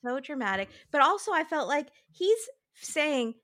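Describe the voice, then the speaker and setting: A woman guest on a podcast adds wry, chatty commentary in a casual conversation. Her voice sits somewhat high. She joins in easily alongside the host. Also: sing-song, unhurried, fairly bright tone. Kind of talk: casual chat.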